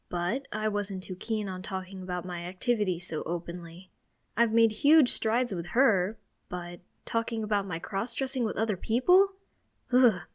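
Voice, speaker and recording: A woman narrating a first-person audiobook in an expressive, conversational way. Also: mid-range voice.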